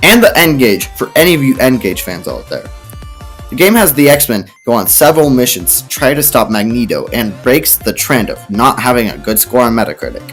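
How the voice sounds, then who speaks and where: A man's voice: medium pitch, very animated, normal speed, a bit bright, faint music behind. A man narrating comedic video game reviews with dry, sarcastic asides.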